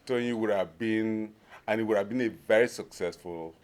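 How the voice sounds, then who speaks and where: A man from Nigeria giving an informal conference talk, pausing often to search for words, with a humorous touch. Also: lowish voice. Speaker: conference speaker.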